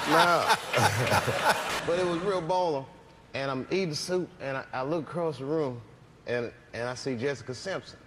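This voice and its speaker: A man's voice: medium pitch, expressive, unhurried, pauses often, over a noisy crowd. A man telling comic stories as a talk show guest, laughing often and acting out other people's voices. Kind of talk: comic storytelling. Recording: noisy broadcast clip.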